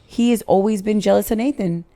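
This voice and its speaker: A woman's voice: medium pitch, fairly quick, dark tone, no echo. A woman in her forties, a podcast guest, telling a personal story in blunt, emotional, heavily sworn casual chat.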